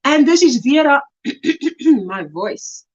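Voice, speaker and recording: A South African woman hosting a casual crochet livestream, chatting warmly and reading viewer comments aloud with delight. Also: high voice, very animated, slow pace, dull audio.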